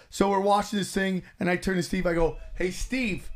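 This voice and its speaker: A man's voice: high-pitched, moderate pace. A man hosting a podcast, telling stories in casual chat. He swears freely and acts out what people said. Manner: animated, profane, acts out quotes.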